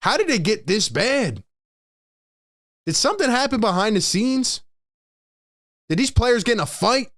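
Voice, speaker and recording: A man's voice: sits high, big pitch swings, a little slow, pauses often, fairly bright tone. Exasperated man ranting about football. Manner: exasperated, emphatic, repeats lines for effect. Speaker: sports show host. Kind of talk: live postgame rant.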